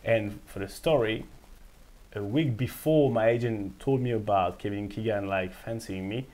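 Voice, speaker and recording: With a lowish voice and moderate pace, a French ex-footballer shares his story as an interview guest, speaking English with a French accent. He's animated throughout, laughing often and voicing the people he quotes.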